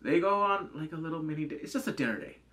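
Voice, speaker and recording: A man talks through a drama review in a loose, chatty way, his voice a little high for a man. His pitch swings widely from line to line. He fills the gaps with "like". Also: fast talker. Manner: animated, chatty, acts out scenes in put-on voices, many "like" fillers. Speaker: drama reviewer, channel host. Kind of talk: casual spoken review.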